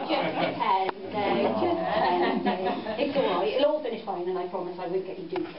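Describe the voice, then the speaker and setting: A woman telling a story to children at a farm venue, coaxing and playful, with many tag questions. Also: medium pitch. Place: farm venue, roomy space. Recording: echoey, distant, dull with background noise.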